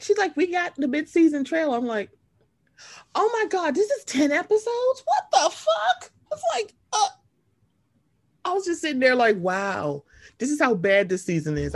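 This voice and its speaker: A woman co-hosting a podcast in casual, profane chat about reality TV, acting out what she would say to the cast. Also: on the low side. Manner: animated, profane, acts out voices in quotes. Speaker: podcast co-host.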